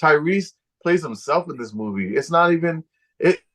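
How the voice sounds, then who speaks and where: A man's voice: on the high side, expressive, moderate pace, a bit bright. A man co-hosting a casual podcast chat, talking in a laid-back, slangy way full of "bro" and "you know what I'm saying.". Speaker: podcast co-host. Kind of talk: casual movie-talk chat.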